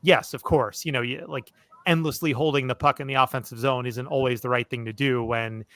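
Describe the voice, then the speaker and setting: A man's voice: mid-range voice, steady tone, a little fast, a bit bright, no echo. A man hosting a sports podcast, chatting loosely with plenty of "look" and "you know" fillers. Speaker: podcast host. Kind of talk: casual sports podcast chat.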